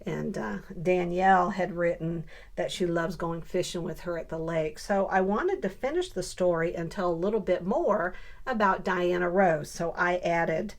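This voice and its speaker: An older woman and grandmother chatting casually through a scrapbooking tutorial. She often mutters softly to herself while she works. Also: lowish voice, moderate pace. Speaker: scrapbooking crafter and channel host. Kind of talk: casual crafting tutorial chat.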